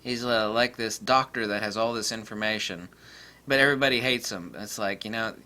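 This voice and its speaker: Man, casual vlog rant, boastful, rambling, bright tense tone. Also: fairly low pitch, steady tone, brisk. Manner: rambling, boastful, laughing, many fillers. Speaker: camera vlogger.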